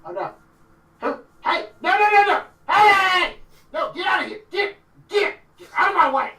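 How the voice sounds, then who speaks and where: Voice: medium pitch, level tone, normal speed, bright, forceful tone, reverberant, recorded from a distance, close to an everyday voice. A game master voicing a frantic, pompous elf man who shrieks and shoos people away. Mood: panicked.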